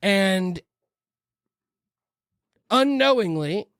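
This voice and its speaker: A man in his forties chatting on a podcast, swearing freely and telling stories with a lot of life. His voice sits a little high for a man and swings widely in pitch. The sound is dry and close. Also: drawn-out words, clean tone, dry recording. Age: 40s. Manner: animated, profane storyteller. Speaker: podcast co-host. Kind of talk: casual chat.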